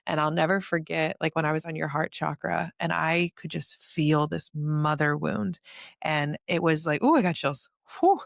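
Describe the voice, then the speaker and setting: Female energy healer, chatty and animated, gravelly voice, dry close mic. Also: deep voice, normal speed, no room sound. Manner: animated, vivid storytelling. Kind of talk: casual podcast conversation.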